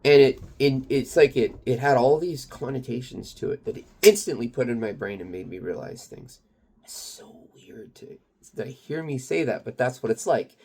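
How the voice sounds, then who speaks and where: A man's voice: medium pitch, animated, moderate pace, vocal fry, few pauses, darkish tone, slightly rough. A man rambling through a confessional personal story in a casual, loose way, with lots of fillers and some swearing. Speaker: kratom vendor and channel owner.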